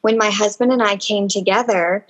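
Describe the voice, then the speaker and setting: A woman speaking earnestly and emotionally in an intimate podcast conversation, slow and deliberate. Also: medium pitch, fairly even intonation, poor audio.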